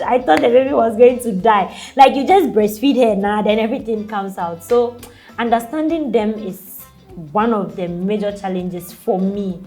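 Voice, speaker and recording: A woman's voice: a little high, moderate pace, a little mellow, soft background music. A young woman with a Ghanaian English accent, a mother talking casually in an interview, with lots of "like" and light laughs. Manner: chatty, peppered with "like" and laughs. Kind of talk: casual chat.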